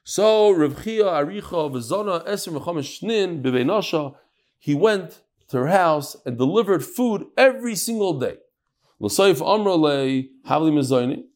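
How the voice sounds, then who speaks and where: Animated man teaching Talmud. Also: a little high, a little slow. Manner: mixes Yiddish-Hebrew terms into English, acts out dialogue.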